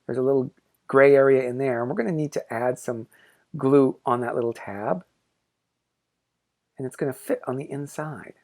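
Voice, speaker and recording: A man's voice: on the high side, gravelly. A man, a pop-up book artist, walking viewers through a craft tutorial in an upbeat, encouraging, playful way.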